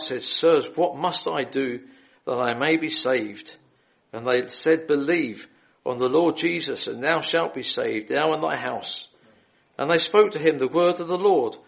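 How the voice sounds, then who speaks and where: A man's voice: on the high side, creaky. A man preaching the gospel in a hall, reading scripture aloud and then appealing earnestly and directly to his listeners. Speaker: lay preacher.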